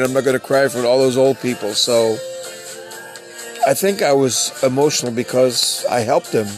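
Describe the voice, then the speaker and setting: A man hosting his own podcast, talking in a rambling, earnest, unscripted monologue. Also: medium pitch. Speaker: podcast host. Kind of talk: casual monologue.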